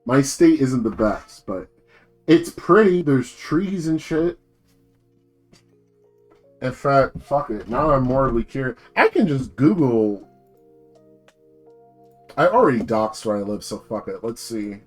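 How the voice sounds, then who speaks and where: A man's voice: mid-range voice, lively intonation, slow, long pauses, soft background music. Young adult male streamer from New Jersey. Loose, slangy, profane, mid-range voice. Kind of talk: casual live-stream chat.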